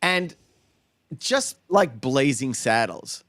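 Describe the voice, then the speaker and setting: Male podcast host, lively pitch, quotes scenes with relish, dry close mic. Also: takes it slowly, no room sound. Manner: animated, quotes film lines in put-on voices. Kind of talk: casual movie discussion.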